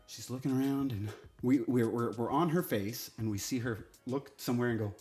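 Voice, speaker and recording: A man's voice: medium pitch, normal speed, a little mellow. A man giving a casual, sarcastic and exasperated TV review, swearing now and then.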